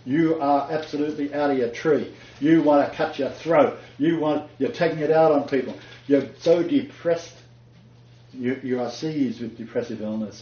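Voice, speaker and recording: A man's voice: mid-range voice, warm tone, slight background noise. A man giving a chatty Bible lecture, joking and laughing at his own asides. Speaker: Bible teacher. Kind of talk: lecture-style Bible teaching. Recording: dull echoey room recording.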